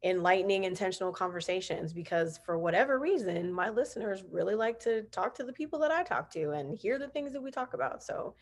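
A woman's voice: medium pitch, lively intonation, fairly quick, few pauses. A woman hosting a podcast over a video call, chatty and laughing, full of "like" fillers. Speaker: podcast host. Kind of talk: casual video-call interview.

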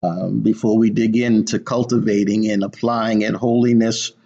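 A man preaching a sermon, speaking slowly and deliberately, repeating words for emphasis with frequent "uh" pauses. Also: lowish voice, little pitch movement, gravelly, dark tone. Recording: dull lo-fi sound.

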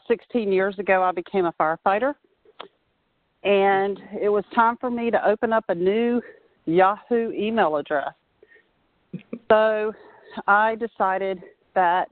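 A woman's voice: mid-range voice, dry recording. A woman in her forties talks earnestly and steadily about her work as a fire marshal. She is calling in on a phone from outdoors. The sound is tinny and dry, like a narrow phone line. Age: 40s. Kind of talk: casual phone interview. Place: outdoors at a playground.

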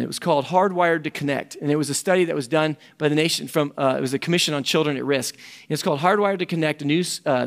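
A man's voice: on the high side, vocal fry. A middle-aged man, a camp ministry director giving a folksy conference talk with quoted voices.

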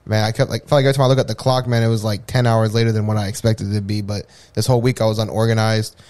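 A man on a podcast with a low voice who talks quickly. His delivery stays flat and matter-of-fact. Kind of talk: casual chat.

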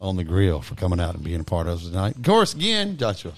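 Laid-back male podcast host, lively pitch. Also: fast talker, dry recording. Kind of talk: casual chat.

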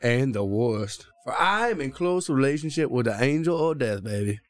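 A man voicing a boastful demon axe murderer in a put-on Cajun accent, drawling slowly and calling people boy and baby. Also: medium pitch, animated, lightly acted. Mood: menacing drawl. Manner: slow drawling delivery, calls listeners boy and baby. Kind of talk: dramatic letter reading.

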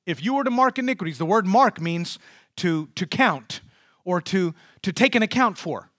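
A man preaching with a high, bright, ringing voice. He swings from loud, soaring calls down to hushed near-whispers. The sound is dry and close. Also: lively intonation, moderate pace, no room sound. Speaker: pastor. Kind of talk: sermon.

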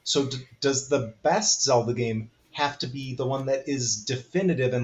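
A man's voice: mid-range voice, normal speed, hardly any pauses, rough recording. A man co-hosting a gaming podcast in casual chat, talking through his ideas at length and analytically. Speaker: podcast co-host.

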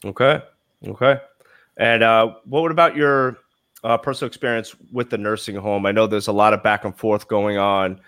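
A man's voice: lowish voice, fairly even intonation, normal speed, fairly bright tone, smooth. A man with a Brooklyn accent hosting a casual podcast interview, asking questions hesitantly with many fillers. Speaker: podcast host.

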